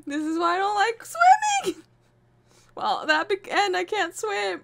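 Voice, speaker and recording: High-voiced, jumpy woman gamer. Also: huge pitch swings, measured pace, vocal fry, fairly bright tone. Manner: jumpy and easily frightened, gasping and cursing; talks to the game characters. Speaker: let's play host. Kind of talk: gameplay commentary.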